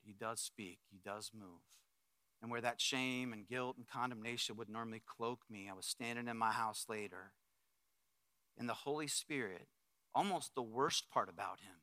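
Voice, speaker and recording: A middle-aged man preaching as a pastor, telling a story with acted-out quotes and swings from loud bursts to hushed reflection. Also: mid-range voice, no echo. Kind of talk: sermon storytelling.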